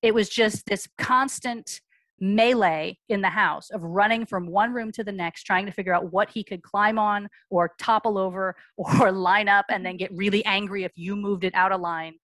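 A woman, around her forties, being interviewed as a guest on a podcast and recounting her family's experiences frankly and briskly, acting out the voices of people she quotes. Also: mid-range voice, steady tone, a bit bright, no room sound. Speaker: guest, mother.

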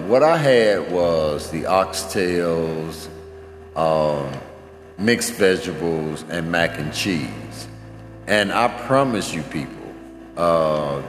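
Deep guy talking slow to his listeners, lots of uhs, echoey room. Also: a little hiss or hum. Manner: earnest, many fillers, repeats himself. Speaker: host. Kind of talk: casual spoken update. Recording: echoey room with long reverb.

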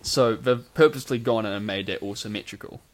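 A man's voice: fairly low pitch, fast talker. A man co-hosting a podcast in casual chat, rambling with many fillers and restarts, drowsy on sleep medication. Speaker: podcast co-host. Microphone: home microphone on a stand.

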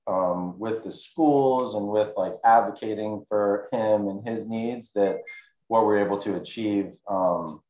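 A man's voice: on the low side, measured pace, dark tone. A man sharing his family's story as a panel guest, reflective and hesitant with many fillers, over a video call. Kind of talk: personal story in panel talk. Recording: echoey room.

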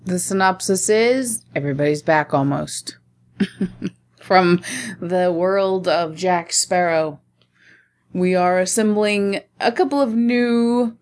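A woman co-hosting a casual movie-review podcast, dry and teasing, quick to laugh. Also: on the low side. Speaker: podcast co-host.

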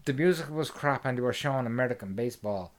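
Man, casual chat, crude jokes, swearing, very lively pitch. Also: fast. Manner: crude, joking, swears a lot.

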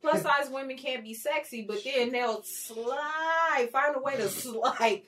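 A woman co-hosts a podcast in relaxed, playful chat. She laughs easily and drifts into quick asides. Her voice sits a little back from the microphone. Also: high voice, far from the mic, a little hiss or hum. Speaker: podcast co-host. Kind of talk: casual chat.

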